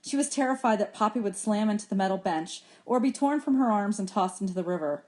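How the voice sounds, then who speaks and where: A woman reads a children's novel aloud for her students. Her voice sits in an ordinary middle range. She reads with expression and raises her pitch when the characters speak. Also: animated, fast, a little mellow. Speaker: teacher reading aloud to students. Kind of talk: audiobook chapter reading.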